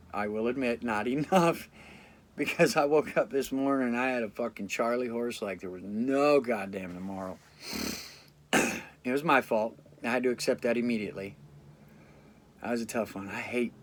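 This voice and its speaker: A man's voice: mid-range voice, normal speed, fairly bright tone. Blunt, cursing man talking to camera. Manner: blunt, profane, reflective. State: fatigued after a sleep deprivation study. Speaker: vlogger. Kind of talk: casual talk to camera.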